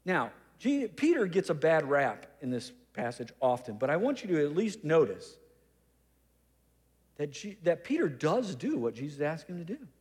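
Humorous preacher in a reverberant church. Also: male voice, a little high, big pitch swings, moderate pace, a little mellow. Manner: conversational and humorous, with teasing asides. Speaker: pastor. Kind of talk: sermon.

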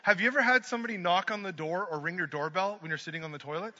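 A man preaching a sermon, swinging from hushed lines to loud ones and mixing in joking asides. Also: high voice, racing. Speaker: pastor. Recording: dull lo-fi sermon recording.

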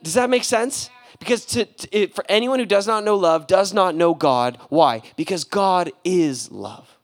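A young man preaching a casual, animated sermon, full of slang and acted-out quotes. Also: high voice, unhurried. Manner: animated, casual slang, acts out voices with laughs. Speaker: pastor.

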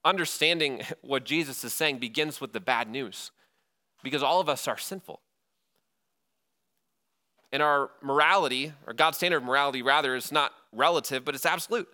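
A man's voice: medium pitch, moderate pace. A man, a pastor, preaching a sermon, telling the story with energy and acting out the quoted lines. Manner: animated storytelling, acts out quoted lines with laughs.

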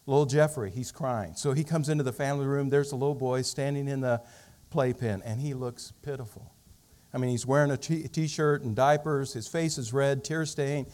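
A man's voice: mid-range voice, fairly even intonation, normal speed, a little mellow. A man preaching a sermon, telling a story and building to fervent emphasis. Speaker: pastor.

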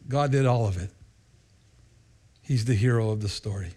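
A middle-aged man preaching a sermon as pastor, telling stories with lively energy, jumping into high voices for quotes and laughing often. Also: moderate pace, long pauses, slightly rough.

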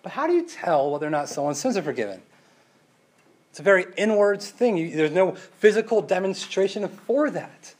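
A man preaching a casual sermon, full of rhetorical questions and tag questions, moving between loud emphasis and quiet asides. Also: high-pitched, very animated, normal speed. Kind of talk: conversational sermon.

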